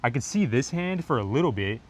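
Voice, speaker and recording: Young male vlogger, middle-pitched, casual storytime delivery heavy on "like," lapel mic. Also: fairly quick. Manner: animated retelling with frequent fillers. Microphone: lapel mic on shirt.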